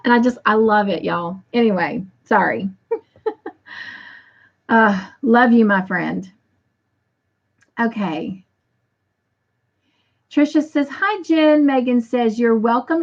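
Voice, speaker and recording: A woman's voice: mid-range voice, a little mellow, highs cut off. A woman hosting a casual livestream, reading viewer comments aloud in an affectionate way. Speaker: livestream host.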